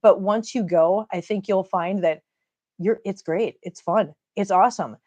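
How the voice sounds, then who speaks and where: A middle-aged woman with an Upper Midwest American accent talks loosely to her live-stream viewers. She laughs easily and answers comments aloud in a relaxed, chatty way, with a voice of average pitch. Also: unhurried. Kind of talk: casual live-stream chat.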